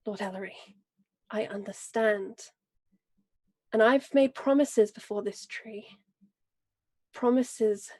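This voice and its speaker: A woman playing a proud, vengeful noble lady. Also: on the high side. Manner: grave, measured and forceful. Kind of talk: in-character role-play speech.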